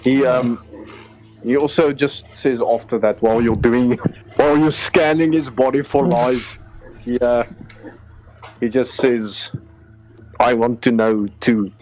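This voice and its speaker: A man runs a tabletop game in plain narration, often pausing and restarting his sentences. His voice sits at a middle pitch. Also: a little mellow, poor audio. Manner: hesitant, with fillers. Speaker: game master.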